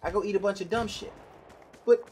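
A man's voice: high-pitched, fairly even intonation, a little fast, darkish tone, slight background noise. Profane ranting young man gaming. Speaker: gamer commentating his own gameplay. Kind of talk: live gameplay commentary rant.

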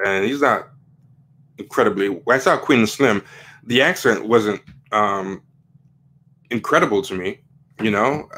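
A man's voice: lowish voice, a bit bright. A man hosting a casual commentary livestream, rambling with many fillers and restarts as he reads quotes aloud from the web. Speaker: livestream host.

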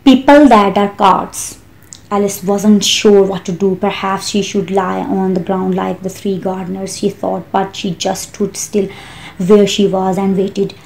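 A woman narrating a storybook audiobook in a slow, careful reading style. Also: mid-range voice, level tone, gravelly, darkish tone, rough recording.

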